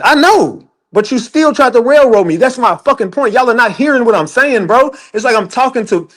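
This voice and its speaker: A high-pitched man, mid-rant on a livestream. He talks in a heated, profane, emphatic way and answers his chat directly. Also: lively intonation, brisk, few pauses, a bit bright. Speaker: livestream commentator.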